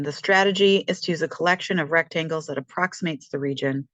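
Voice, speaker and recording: A woman's voice: sits low, fast talker, hardly any pauses, a bit bright, dry recording. A woman in a casual, self-deprecating vlog, reading math definitions aloud and reflecting on teaching herself. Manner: chatty, self-deprecating, reads aloud from textbook. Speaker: self-taught math vlogger.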